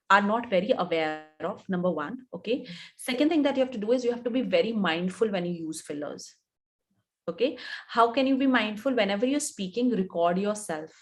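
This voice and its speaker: In a live webinar, a woman in her thirties with an Indian English accent works as an image coach, giving instructive advice and repeating points for emphasis. Her voice is medium in pitch and animated, at a moderate pace.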